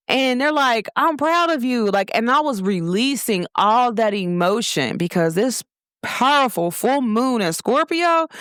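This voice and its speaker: A woman hosting her own show, talking in an expressive, animated motivational monologue. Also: lowish voice, smooth, no room sound, clean studio sound. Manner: expressive, animated storytelling with laughs and quoted voices. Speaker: show host.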